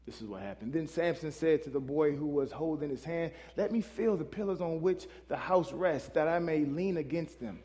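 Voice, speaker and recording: A man's voice: fairly high pitch, normal speed, hardly any pauses, warm tone. A male pastor preaching a sermon in a loose, conversational way, often calling out questions to the congregation. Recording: long hall reverb.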